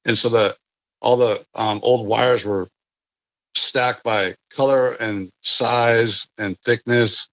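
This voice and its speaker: A man's voice: medium pitch, steady tone, slow pace, a bit bright, dry recording, lo-fi sound. A man from California telling a long casual story as a podcast guest, rambling with many restarts and fillers.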